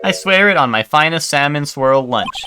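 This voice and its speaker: A man doing a pompous witness, pitched up. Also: animated, moderate pace, over music, natural voice.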